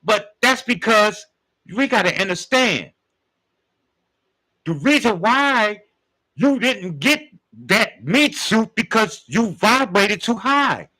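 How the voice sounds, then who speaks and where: A man gives a casual spiritual talk, full of slang and spoken right at his listeners. His voice sits high and bright, and his pitch swings widely from phrase to phrase. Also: very animated, takes it slowly, pauses often, low-quality recording. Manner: street slang, conversational, addresses listeners directly. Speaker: spiritual teacher.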